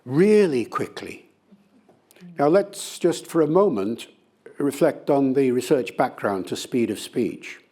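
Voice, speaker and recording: A linguist, an older man with a medium-pitched voice, answers an interviewer's questions in an easy, conversational manner at a slow pace. He speaks with animated flair and illustrates his points through playful demonstrations.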